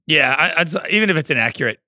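A man with a bright, forward voice co-hosts a casual podcast, pitched a little high. He explains things in a measured, step-by-step way. The recording is dry and close. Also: lively intonation, no room sound. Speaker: podcast co-host. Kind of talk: casual chat.

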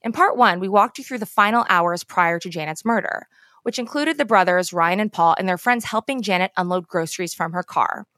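Female podcast host, mid-pitched, measured scripted narration, dry booth sound. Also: fairly bright tone, dry recording. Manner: measured, explanatory. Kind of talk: scripted true-crime narration.

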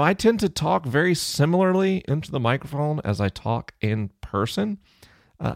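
A man hosting a science Q&A podcast alone in his office, explaining in a relaxed, conversational way into a close microphone. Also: on the low side, gravelly, no room sound. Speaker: podcast host answering listener questions. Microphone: close studio microphone off to the side of the mouth.

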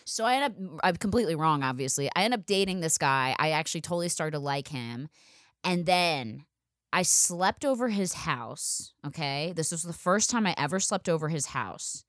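Animated, foul-mouthed young woman storyteller. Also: deep voice, moderate pace, no echo, studio quality. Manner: animated, profane storytelling with exaggerated quoted voices. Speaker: podcast host. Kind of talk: casual storytelling chat.

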